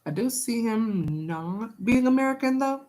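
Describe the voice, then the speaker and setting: A woman's voice: fairly high pitch, animated, unhurried, a little mellow. A young woman doing a casual live-stream tarot reading, chatting with viewers and repeating herself.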